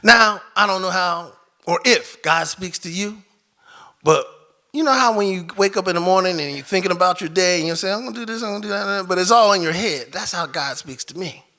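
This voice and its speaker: A man telling a personal story live on stage into a microphone, animated, swinging from loud outbursts to hushed moments. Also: high voice, moderate pace. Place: stage before an audience.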